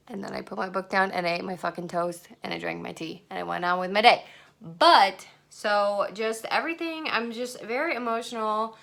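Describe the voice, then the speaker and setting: A woman's voice: mid-range voice, normal speed, gravelly, a bit bright. A woman in her twenties chatting casually in a reading vlog at home, swearing freely and now and then dropping to a whisper. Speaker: book vlogger. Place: at home, in bed and in a messy room.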